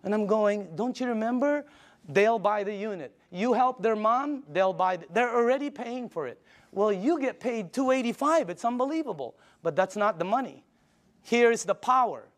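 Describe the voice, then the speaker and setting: High-voiced older man giving an emphatic sales pitch. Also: expressive, normal speed. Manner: enthusiastic, storytelling, emphatic. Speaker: sales presenter.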